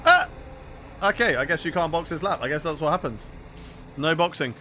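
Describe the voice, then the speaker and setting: A man from the UK streaming a racing game live, chatty and excitable, reading his chat aloud as he commentates. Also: fairly high pitch, a little fast, slight background noise. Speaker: gaming streamer.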